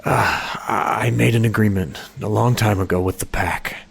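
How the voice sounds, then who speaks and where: A man playing a tormented cursed husband, gravelly and husky. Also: lowish voice. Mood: tormented confession. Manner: pleading, halting confession with stammered restarts. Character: anguished young husband, secretly cursed, turning monstrous. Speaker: voice actor in a horror audio story.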